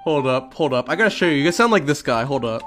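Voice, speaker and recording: An excitable young man co-hosting a podcast, swearing freely and laughing often. His voice sits slightly high and moves with lively inflection, and faint music plays behind him. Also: fast. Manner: profane, excitable, laughs a lot. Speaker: podcast co-host. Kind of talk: crude casual banter.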